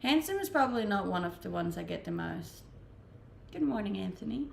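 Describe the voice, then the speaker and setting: A young woman from Denmark who speaks English with a Danish accent, chatting casually as a livestreamer and answering viewer messages in a relaxed way, laughing often. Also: medium pitch, a little fast, creaky. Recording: echoey room with faint ambient noise.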